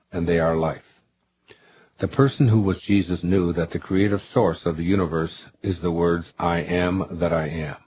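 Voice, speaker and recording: A man with a deep, low voice reads a spiritual book aloud, unhurried and reverent. The recording is muffled and lo-fi, with a faint hiss underneath. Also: darkish tone. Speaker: audiobook reader.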